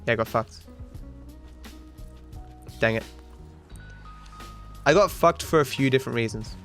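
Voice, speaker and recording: Australian man, 20s, casual streamer chat, swears often, mid-pitched voice. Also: measured pace, a bit bright, soft background music. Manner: rambling, sweary, talks to chat. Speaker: streamer and speedrunner. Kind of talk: casual chat while gaming.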